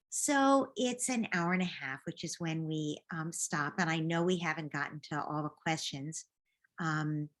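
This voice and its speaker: A woman who is a parenting coach, giving gentle, reassuring advice in a live group question session over a video call. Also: deep voice.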